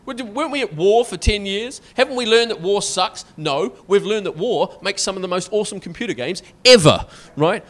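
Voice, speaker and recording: Scottish guy doing standup, a bit high-voiced, sarcastic, keeps going right?. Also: fairly bright tone. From Scotland. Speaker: stand-up comedian. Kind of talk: stand-up comedy.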